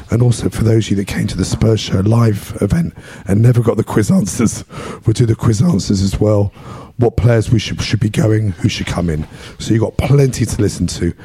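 Hoarse man, London English accent, dark voice, dry close sound, podcast host. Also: lowish voice, no echo. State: hoarse, losing his voice. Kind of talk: casual podcast chat.

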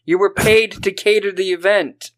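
High-voiced man riffing on a movie. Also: moderate pace. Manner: animated, swears, does mocking voices of characters. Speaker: podcast co-host. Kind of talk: casual movie-riffing chat.

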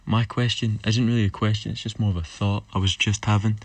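A man's voice: lowish voice, level tone, fast talker, dry recording. A man with a Scottish accent leaving a rambling, casual voice message, musing aloud and teasing. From Scotland. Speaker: listener sending a voice message.

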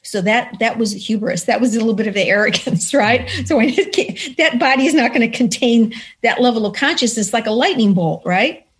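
Woman guest, somewhat high-pitched, earnest and animated as she tells her story. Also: brisk, few pauses. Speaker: interview guest. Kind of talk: personal story told in conversation.

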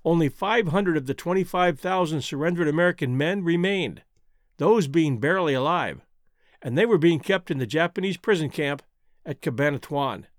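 Casting: male documentary narrator, slightly raised pitch, measured and solemn delivery, dry close recording. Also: lively intonation, dry recording. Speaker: history narrator.

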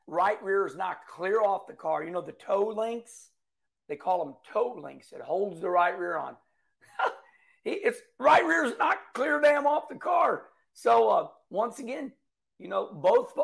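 Folksy racing commentator, middle-aged man, lively storyteller, high raspy tone. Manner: folksy, animated storytelling with acted-out quotes. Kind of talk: casual monologue.

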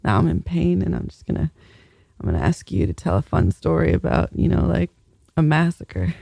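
Husky crude joker guy, pitch bouncing everywhere, dry close mic. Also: sing-song, a little fast, dark tone, no room sound. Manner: crude, teasing interruptions. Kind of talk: crude comedic banter.

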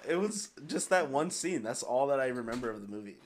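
A man's voice: medium pitch, lively intonation, a little fast, a little hiss or hum. A man co-hosting a podcast, laid-back and casual, with dry one-liners. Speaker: podcast co-host. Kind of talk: casual chat.

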